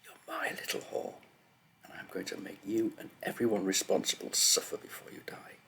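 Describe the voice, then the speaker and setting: A man's voice: deep voice, fairly even intonation, moderate pace, gravelly, a bit bright, full character voice. A man voicing a cruel, vengeful voice inside a girl's head, hissing threats in a whisper. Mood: snarling. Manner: hissed whispers, snarling threats.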